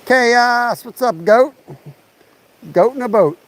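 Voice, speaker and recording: A man with a very high-pitched voice talks slowly while hosting a fishing livestream outdoors by a lake and creek. He rambles casually and chats with viewers through a chest-mounted camera mic, and the recording quality is low.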